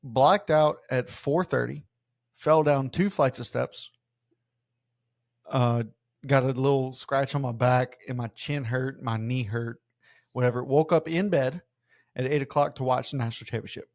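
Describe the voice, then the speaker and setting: A man's voice: mid-range voice, a little slow, no room sound, studio quality. Profane young Louisiana man telling stories. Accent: South Louisiana. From South Louisiana. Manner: loose, profane storytelling with many restarts. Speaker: podcast co-host. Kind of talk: casual chat.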